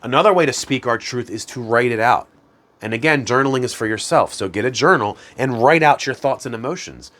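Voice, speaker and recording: A man's voice: medium pitch, fairly quick. A man hosting a self-improvement channel, explaining practices in a casual, conversational way and chuckling at himself now and then. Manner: conversational, chuckles at himself, chants hum softly. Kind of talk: casual instructional talk.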